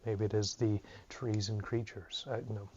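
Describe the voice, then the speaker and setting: A man with a low, flat voice talks through a Greek grammar lesson late in the evening, sounding tired. He thinks aloud, restarting sentences and filling gaps with ums and uhs. The recording is dull and lo-fi. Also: unhurried, a little hiss or hum. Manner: casual, thinking aloud with many fillers. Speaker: Greek teacher. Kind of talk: unscripted lesson.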